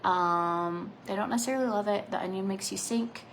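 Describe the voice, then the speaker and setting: A woman in her thirties chatting casually through a makeup vlog, rambling between asides, her phrase endings often trailing off into a soft near-whisper. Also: mid-range voice, brisk, a little hiss or hum, rough recording. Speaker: makeup vlogger.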